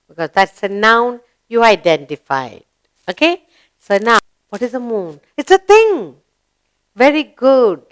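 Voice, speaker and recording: A woman teaching a slow grammar lesson to young children, singsong and encouraging, asking questions and answering them herself. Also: medium pitch, a bit bright. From India.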